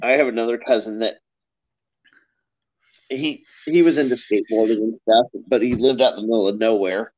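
A man on a podcast as guest, telling stories in relaxed casual chat. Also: mid-range voice, fairly quick, long pauses, low-quality recording.

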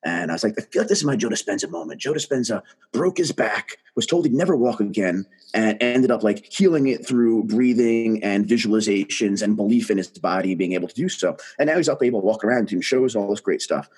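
A man, a guest telling his story in casual conversation, animated and emphatic. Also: lowish voice, a little fast, slightly rough.

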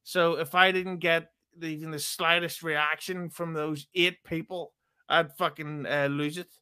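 A man, a podcast guest trading deadpan, absurd jokes in casual chat. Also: on the high side, measured pace, clean tone. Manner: joking, absurd deadpan quips.

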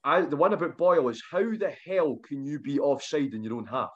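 A Scottish man on a podcast, talking about football in a measured, fair-minded way. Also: on the high side. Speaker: podcast co-host. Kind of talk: casual football chat. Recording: dull lo-fi sound.

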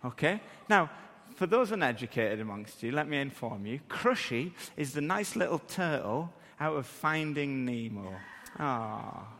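A man, preaching and telling a funny story about himself in a lively way that acts out the scenes. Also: mid-range voice, measured pace, in a large hall. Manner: animated, self-deprecating, acts out scenes. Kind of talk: humorous sermon storytelling.

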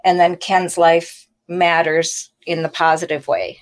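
A middle-aged woman, an author and podcast co-host, speaking frankly in an interview with halting restarts. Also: on the low side, level tone. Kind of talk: candid conversational interview.

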